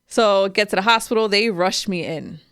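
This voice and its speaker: A woman in her thirties hosting a podcast, telling a personal story in a candid, animated way, swearing freely and acting out what others said. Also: medium pitch, moderate pace, smooth, no room sound, clean studio sound. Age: 30s. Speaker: podcast host. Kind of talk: casual storytelling chat.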